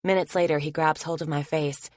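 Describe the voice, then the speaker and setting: Low-voiced woman narrating a romance audiobook. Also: steady tone, brisk, a little mellow, dry recording, clean studio sound.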